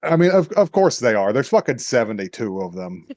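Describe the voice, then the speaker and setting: A man's voice: medium pitch, very animated, fairly quick, darkish tone, dry recording, studio quality. Profane laughing male podcast host. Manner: profane, laughing, loose storytelling. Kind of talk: casual anime recap chat.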